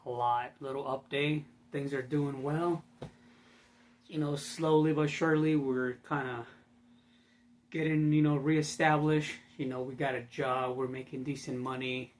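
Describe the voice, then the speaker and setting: A man's voice: medium pitch, steady tone, a little slow, a little hiss or hum. A young man rambling in a casual vlog, profane and full of fillers. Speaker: vlogger.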